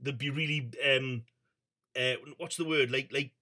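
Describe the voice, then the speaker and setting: A man's voice: medium pitch, fairly even intonation, unhurried, bright, forceful tone. A middle-aged man, hosting a call-in radio show and rambling in a chatty, sweary way. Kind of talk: casual call-in chat.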